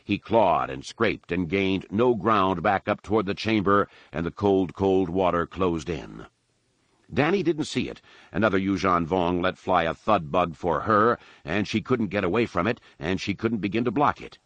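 A deep-voiced man narrating an audiobook in a measured, dramatic way. His voice sits very low, and the recording is dry and close with no room sound. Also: lively intonation, fairly bright tone, no room sound, lo-fi sound. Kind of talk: scripted narration.

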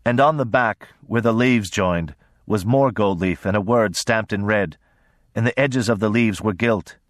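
Low-voiced man reading a story. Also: unhurried, dry recording, clean studio sound. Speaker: audiobook narrator. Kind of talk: scripted narration.

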